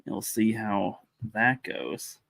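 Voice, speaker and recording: A man's voice: fairly low pitch, animated, slow, vocal fry, fairly bright tone, no echo. A man co-hosting a casual livestream, rambling and chuckling between his remarks.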